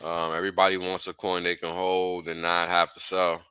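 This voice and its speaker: A man hosting a casual chat about trading, who laughs often and talks in a loose, excitable way. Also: low voice, moderate pace, clear, resonant tone, no echo. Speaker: host.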